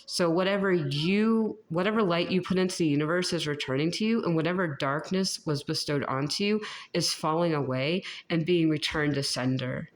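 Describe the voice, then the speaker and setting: A woman's voice: low-pitched, moderate pace, hardly any pauses. A woman talking casually through a tarot reading for viewers, rambling, restarting her sentences and laughing often. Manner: many fillers and restarts. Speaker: tarot reader.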